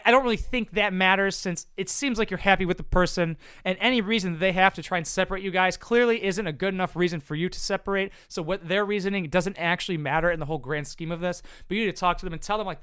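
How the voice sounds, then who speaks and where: A man's voice: high voice, quick pace, pushed and bright, clean tone, dry recording. A man giving casual advice to viewers in a blunt, profane, rambling way. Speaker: content creator answering viewer questions.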